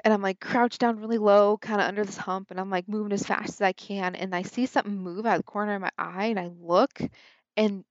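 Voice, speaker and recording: A young woman telling a story in a casual, animated way, peppered with "like" and acting out her own thoughts. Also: mid-range voice, fairly quick, no echo, muffled recording. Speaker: podcast guest, hunter.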